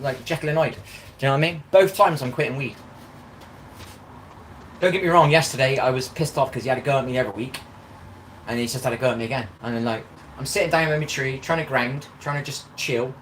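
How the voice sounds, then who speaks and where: A man rambles quickly through a casual live-stream chat, his words tumbling out at a rushed clip. He keeps circling back to "do you know what I mean" as he talks. A faint hum of outdoor ambience sits behind him. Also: medium pitch, fairly bright tone. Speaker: vlogger. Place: outdoors in a park.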